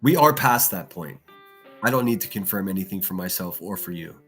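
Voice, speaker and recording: A man's voice: low-pitched, lively intonation, brisk, a bit bright, slightly rough, soft background music. A man hosting a livestream, ranting angrily with lots of swearing and repeated phrases. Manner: heated, profane, repeats himself. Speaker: livestream host. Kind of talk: angry ranting commentary.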